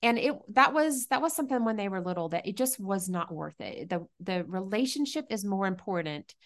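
A woman's voice: medium pitch, animated, a little fast. A middle-aged woman speaking as a podcast guest, earnest and reflective, often restarting her sentences. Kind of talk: conversational interview.

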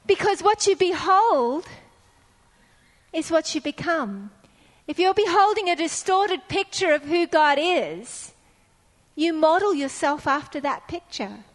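Middle-aged woman preacher with a high voice, earnest storytelling sermon style, repeating phrases for emphasis, long echo of a church hall. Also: expressive, measured pace.

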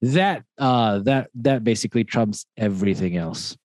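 A man's voice: medium pitch, moderate pace, a little mellow, no room sound. Dry-sounding Malaysian man, rambling. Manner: rambling, many restarts, laughs often. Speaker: podcast guest. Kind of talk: casual interview chat.

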